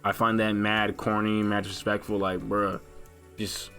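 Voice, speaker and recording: A man's voice: lowish voice, little pitch movement, measured pace, pushed and bright, soft background music. A young man hosting a let's play, rambling in a loose, slangy way with lots of filler as he talks over gameplay. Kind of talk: casual gaming commentary.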